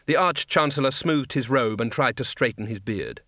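A man reading a comic fantasy audiobook in a dry, measured storytelling manner. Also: mid-range voice, expressive, sharp tone, dry recording. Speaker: audiobook narrator. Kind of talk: scripted narration.

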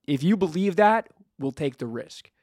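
A man's voice: a little high, normal speed, no echo, clean studio sound. A man co-hosting a podcast, chatting casually and telling stories with jokes and swearing. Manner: profane, jokey, animated storytelling. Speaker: podcast co-host. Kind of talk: casual chat.

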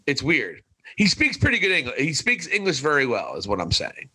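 A man co-hosting a wrestling review podcast, talking casually and opinionatedly. His voice is bright and forward, with a very lively, swinging pitch. He breaks into laughs and quick exasperated asides. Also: slightly rough, rough recording. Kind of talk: casual chat.

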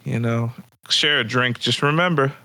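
Guy with a bright tense voice, dry close mic, crude storytelling on a podcast. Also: medium pitch, normal speed, no echo. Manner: crude, storytelling, laughs often. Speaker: podcast co-host. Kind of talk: casual chat.

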